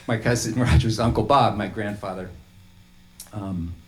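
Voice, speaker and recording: A man's voice: fairly low pitch, a little slow, background noise. A man, a musician, rambling and laughing as he tells a story between songs at a small intimate live show.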